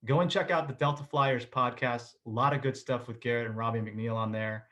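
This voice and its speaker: A man hosting an interview over a video call, asking questions and reacting with quick exclamations. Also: mid-range voice, steady tone, fairly bright tone. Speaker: interview host.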